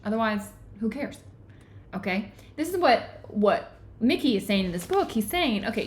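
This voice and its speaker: A woman hosting an online book club, explaining ideas earnestly and often pausing to check in with her listeners. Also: mid-range voice. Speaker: book club host and teacher. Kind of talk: live online book discussion.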